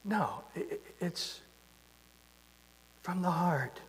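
A man's voice: high voice, lively intonation, drawn-out words, husky. A man preaching a sermon in a conversational way, asking his listeners rhetorical questions. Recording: long hall reverb.

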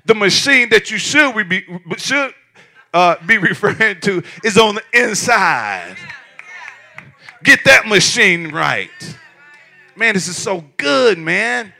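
A man preaching a sermon as pastor, lively and repetitive, with laughs and shouted emphasis. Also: sits high, slow, gravelly.

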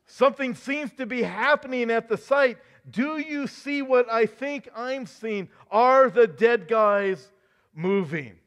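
A man's voice: high-pitched, measured pace, voice pushed up. A man playing a rattled TV news anchor. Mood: alarmed. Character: rattled male TV news anchor, shaken and pleading. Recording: dull lo-fi recording.

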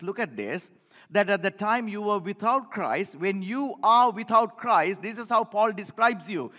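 Male preacher, high-pitched, emphatic and repetitive, in a reverberant church hall. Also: a bit bright. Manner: emphatic, repeats phrases for the congregation. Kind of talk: sermon.

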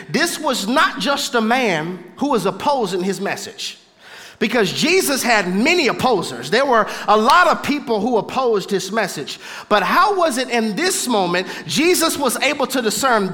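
High, animated male preacher. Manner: dramatic, emphatic, slow and drawn out. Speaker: pastor. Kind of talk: sermon. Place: church hall. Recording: echoey church hall, faint music.

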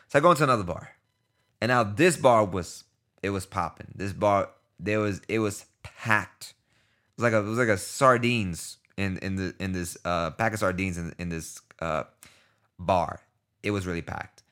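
A man in his thirties from New York City tells a story on his podcast in a casual way. His voice sits fairly low, and he acts out the dialogue in quick back-and-forth. Now and then he drops into low, muttered asides. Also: fairly bright tone. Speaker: podcast host.

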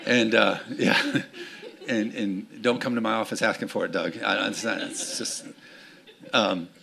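A man's voice: lowish voice, steady tone, unhurried, gravelly, sharp tone. A man preaching a sermon as pastor, telling stories, acting out voices and asking the congregation for amens. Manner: storytelling, acts out voices, asks for amens. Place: church sanctuary with congregation.

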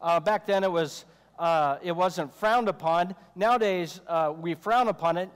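A man's voice: high voice, unhurried, clean tone. A man preaching a sermon in a conversational style, with joking asides and quoted voices acted out. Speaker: pastor. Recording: long reverb of a hall.

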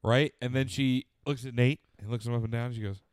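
A young man chats with his friends, retelling a night out with plenty of swearing and laughter. His voice sits at a middling pitch. The sound is dry and close to the mic. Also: steady tone, fast talker, a little mellow, clean tone, dry recording. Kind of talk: casual chat.

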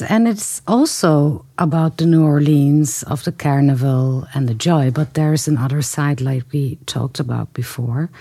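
A woman interviewer asking a novelist measured, deliberate questions. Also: low voice, mellow, breathy edge, dry recording. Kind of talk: interview conversation.

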